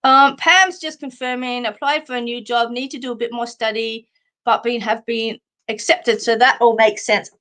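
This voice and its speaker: An Australian woman hosting a live stream of psychic card readings, talking in a warm, chatty way, full of fillers, and calling viewers sweetheart. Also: on the high side, steady tone, normal speed. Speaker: psychic medium host.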